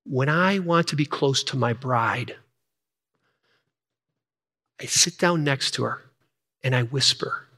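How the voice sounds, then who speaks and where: A man in his sixties preaching a sermon, repeating key lines and dropping to a near-whisper to stress points. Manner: swings from energetic, high, fast passages down to hushed, near-whispered emphasis. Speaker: pastor. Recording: long hall reverb.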